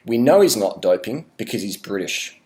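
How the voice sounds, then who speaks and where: A man's voice: on the low side, sing-song, normal speed, a little mellow, a little hiss or hum. An Australian man rambling through a sarcastic, mock-serious vlog rant with plenty of swearing. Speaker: vlogger.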